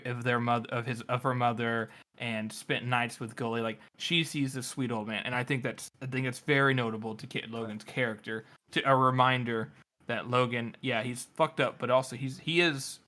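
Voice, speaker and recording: A male podcast co-host with a bright, forward voice at an ordinary pitch. He talks in a teasing, easygoing way. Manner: teasing, quick to laugh. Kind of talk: casual chat.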